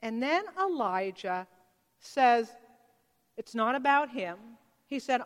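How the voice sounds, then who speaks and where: A woman with a high voice delivers a sermon, telling the story with animated energy and slipping into character voices. Her words carry the long reverb of a large sanctuary. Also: slow pace, pauses often. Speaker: preacher.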